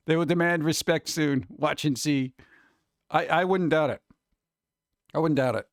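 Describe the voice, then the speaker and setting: A man's voice: on the high side, unhurried, pauses often, no echo, clean studio sound. A man hosting a casual stream chat, rambling and mimicking gadget voices as he talks to his chat. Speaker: streamer host.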